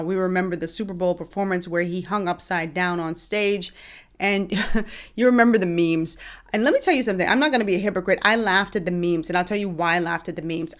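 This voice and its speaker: A woman with a Bahamian accent talks straight to her viewers in a casual vlog. Her voice sits on the lower side for a woman. She is chatty and emphatic, often circling back with "you know" and "um.". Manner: chatty, emphatic, many fillers and restarts. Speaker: vlogger host.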